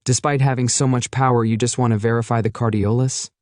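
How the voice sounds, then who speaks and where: A man's voice: medium pitch, fairly even intonation, fairly quick, darkish tone, no room sound, clean studio sound, close to an everyday voice. A man reading a stern old beastman leader.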